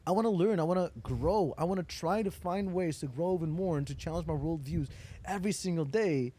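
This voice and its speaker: Animated man telling stories. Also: a little high, a little fast. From Netherlands. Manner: animated storyteller, acts out quoted dialogue, swears casually. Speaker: interviewee, entrepreneur. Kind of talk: casual interview chat.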